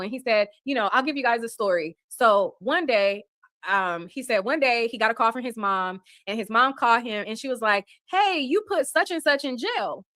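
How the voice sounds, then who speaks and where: Woman host, higher bright voice, loose rambling recap style, full of "like" and "um". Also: dry recording. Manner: rambling, many fillers and restarts. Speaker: livestream host. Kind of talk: casual recap of a court hearing.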